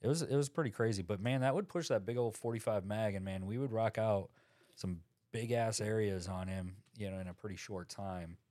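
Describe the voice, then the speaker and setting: A man's voice: fairly low pitch, a little fast, darkish tone, no room sound. A man co-hosting a podcast, a tattoo artist in casual chat, laid-back and rambling with lots of fillers.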